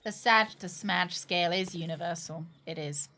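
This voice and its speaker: A woman's voice: fairly low pitch, normal speed, bright, forceful tone. Playful woman streamer. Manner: playful, joking and giggly. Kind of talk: casual gameplay commentary.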